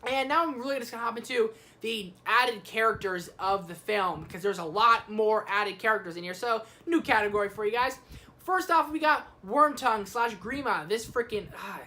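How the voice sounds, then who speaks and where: Excitable, slangy young woman reviewing a movie. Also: medium pitch, normal speed. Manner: excitable and slangy, swears freely.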